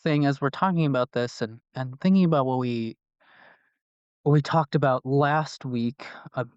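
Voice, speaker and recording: A man co-hosting a casual conversation, giving gentle advice over a slightly dull remote line. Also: medium pitch, normal speed, clear, resonant tone, no echo. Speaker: podcast co-host.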